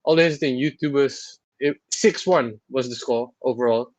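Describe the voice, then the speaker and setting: A man's voice: mid-range voice, moderate pace, dry recording, dull audio. A man co-hosting a podcast in casual chat, rambling and teasing his friends with frequent laughter. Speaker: podcast co-host.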